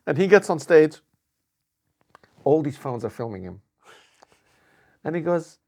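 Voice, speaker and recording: Man, comedian, lively storytelling, fairly high voice. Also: normal speed, pauses often. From Lebanon. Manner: animated storyteller, acts out quotes. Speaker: comedian guest. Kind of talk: casual podcast storytelling.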